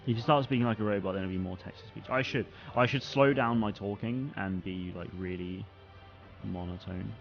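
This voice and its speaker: A man's voice: lowish voice, fairly quick, gravelly, dull audio, soft background music. A young man hosting a live stream, chatting casually with viewers in a rambling way, full of fillers and restarts. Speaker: streamer and channel host. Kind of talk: casual live-stream chat reading comments.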